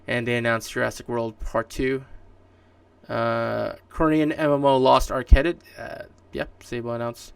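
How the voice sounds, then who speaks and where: Rambling gravelly man on gaming news. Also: mid-range voice, little pitch movement, unhurried, no echo. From Canada. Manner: rambling, many fillers and restarts. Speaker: podcast host. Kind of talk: casual solo gaming news commentary. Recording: distant mic, dry room.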